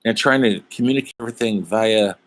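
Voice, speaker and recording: In a low voice and at a quick pace, a middle-aged man rambles through a casual online humanities lecture for college students. He keeps it chatty, with many fillers, asides, and side stories.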